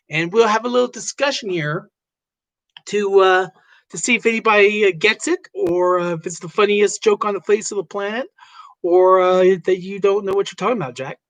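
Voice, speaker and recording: A woman's voice: mid-range voice, fairly bright tone. A woman hosting a casual livestream chat who greets viewers by name and rambles with lots of fillers. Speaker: livestream host.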